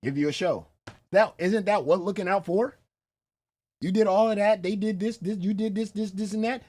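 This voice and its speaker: A man's voice: sits high, normal speed, a little mellow. Sarcastic man needling on a stream. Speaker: stream reaction host. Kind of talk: mocking commentary on a livestream.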